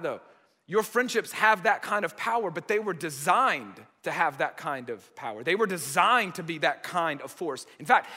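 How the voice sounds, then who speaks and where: High-voiced American pastor in a hall. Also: male voice, sharp tone. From United States. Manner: conversational, repeats phrases for emphasis. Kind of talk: sermon.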